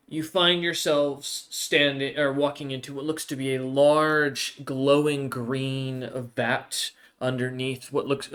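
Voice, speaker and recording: A man's voice: mid-range voice, a bit bright. A man narrating as game master of a tabletop role-playing game, descriptive and rambling. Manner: rambling, many fillers and restarts, descriptive.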